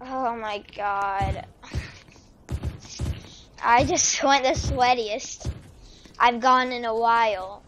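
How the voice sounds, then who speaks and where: A woman with a fairly high voice and an unhurried delivery gives live commentary over her gameplay. She is excitable, exclaiming and trash-talking throughout. Clear background noise sits under her voice. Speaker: gamer.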